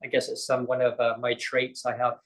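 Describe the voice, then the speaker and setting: A man telling a personal story on a talk show, animated and using lots of fillers. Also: medium pitch, a little fast, low-quality recording. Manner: animated, acts out quoted voices; many fillers like "like". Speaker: guest. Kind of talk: casual storytelling.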